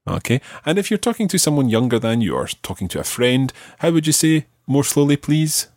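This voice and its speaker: A man hosting a podcast language lesson, teaching patiently and slowing down to spell out each phrase. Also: mid-range voice, very animated, darkish tone, no room sound, studio quality.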